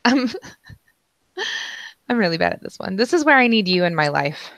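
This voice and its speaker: A young woman chats casually as a co-host, laughing often and poking fun at herself. Her voice is recorded on a close mic with a dry, flat room sound. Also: mid-range voice, moderate pace, no room sound. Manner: giggly and self-deprecating, laughs often. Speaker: podcast co-host. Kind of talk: casual chat.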